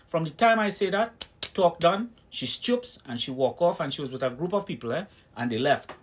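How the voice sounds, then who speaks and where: A Trinidadian man with a slightly raised pitch tells personal stories straight to camera. He speaks emphatically, his delivery punchy and forceful as he builds his points. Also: animated, moderate pace, slight background noise. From Trinidad and Tobago. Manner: emphatic storytelling, acting out heated exchanges. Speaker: video commentator. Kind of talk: personal opinion vlog.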